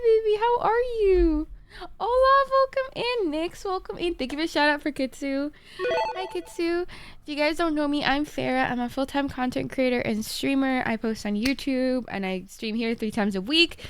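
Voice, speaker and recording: A woman's voice: very high-pitched, normal speed, slight background noise. Frantic swearing young woman streamer. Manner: frantic, swearing, chatty with viewers. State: stressed. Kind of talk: live gameplay commentary.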